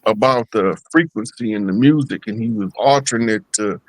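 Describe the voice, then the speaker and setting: A man's voice: fairly low pitch, a little fast, dry recording, low-quality recording. A man appearing as a guest on a talk show, speaking in a loose, rambling, conversational way. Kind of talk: casual talk show chat.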